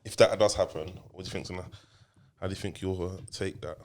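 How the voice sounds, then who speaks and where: A man's voice: sits low, steady tone, fast, darkish tone. A man hosting a casual podcast as a father, teasing and rambling, often repeating his questions.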